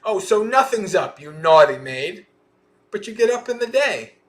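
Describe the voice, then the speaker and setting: A man voicing a housewife who loudly scolds her maid in a taunting, shouting way while reading a story aloud. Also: medium pitch, sing-song, very slow, pitched above the performer's own voice. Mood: scolding.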